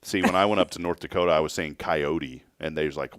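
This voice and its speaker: A man's voice: rumbling low, fast talker, a bit bright, dry recording. A man hosting a casual studio talk show, joking and laughing. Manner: jokey, laughing, plays with words. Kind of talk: casual chat. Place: studio with audience.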